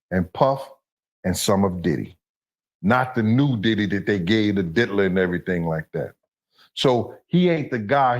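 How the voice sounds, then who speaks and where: A man's voice: medium pitch, highs cut off. A man, telling long street stories as an interview guest and often asking "you understand?". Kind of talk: storytelling in an interview clip.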